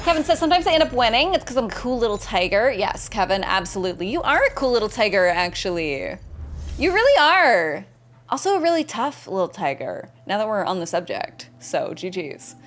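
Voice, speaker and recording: A woman's voice: medium pitch, sing-song, brisk, hardly any pauses, slight background noise. A young adult woman streaming a game, casually chatting, greeting and thanking viewers by name and reading their messages aloud. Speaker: gaming streamer. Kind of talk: casual live-stream chat.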